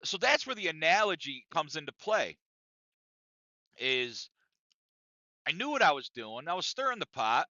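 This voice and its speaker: Bright, brash man telling a story. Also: fairly high pitch, big pitch swings, a little slow, pauses often, no room sound, dull audio. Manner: profane, emphatic, repeats himself. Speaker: podcast co-host. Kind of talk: casual storytelling rant.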